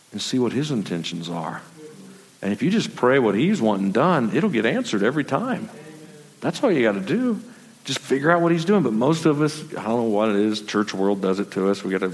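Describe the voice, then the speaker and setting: A man preaching a sermon in a loose, conversational storytelling manner and sometimes repeating his words. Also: medium pitch. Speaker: pastor. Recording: long reverb of a large hall.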